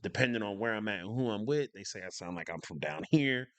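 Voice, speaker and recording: Emphatic, crisply enunciating man on a dry mic. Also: on the low side, expressive, fast, fairly bright tone, no room sound. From northern United States. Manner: emphatic, clearly enunciated, opinionated; lecturing, repeats points for stress. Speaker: reaction channel host. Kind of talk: casual reaction commentary.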